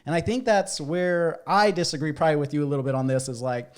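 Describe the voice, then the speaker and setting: A man's voice: a little high, fast talker. A man co-hosting a podcast, chatting casually, swearing freely and acting out quotes as he tells stories. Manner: profane, animated storytelling with acted-out quotes. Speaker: podcast co-host. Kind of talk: casual chat.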